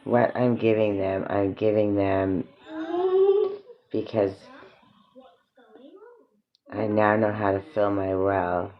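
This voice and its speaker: A man's voice: lowish voice, level tone, takes it slowly, pauses often. A man giving an earnest, emotional spiritual reflection at home, repeating phrases for emphasis. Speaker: parent and vlogger. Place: home with children nearby. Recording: dull lo-fi recording.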